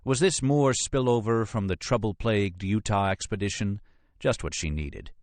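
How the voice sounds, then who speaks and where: A man reading a thriller audiobook in measured, expressive scripted narration. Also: lowish voice, no room sound.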